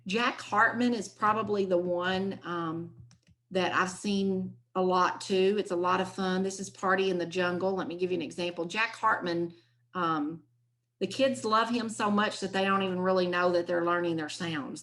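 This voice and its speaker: A woman's voice: on the low side, steady tone, moderate pace, a bit bright, poor audio. A woman leads an online session for teachers in a chatty, enthusiastic way. She talks her way through her slides and recommends activities as she goes. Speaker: teacher trainer presenting. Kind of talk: online presentation.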